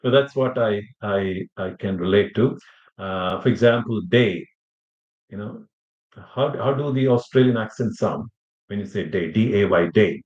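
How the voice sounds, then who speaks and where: A man teaching language speaks on the low side at a measured pace, his tone darkish. Throughout the rambling lecture he restarts, uses many fillers and checks in with students through questions. Audio is muffled with room echo.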